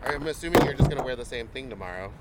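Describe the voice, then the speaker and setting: Queasy dramatic guy, medium voice, whiny campy storytelling, loud car noise. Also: mid-range voice, expressive, very fast. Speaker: vlog co-host, drag performer. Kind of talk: casual chat. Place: inside a car in a parking garage. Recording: noisy car interior.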